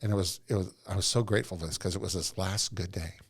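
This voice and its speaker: A man's voice: low voice, steady tone, quick pace, slightly rough. A middle-aged man, a podcast guest, telling earnest, rambling stories from his working life. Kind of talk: casual storytelling interview.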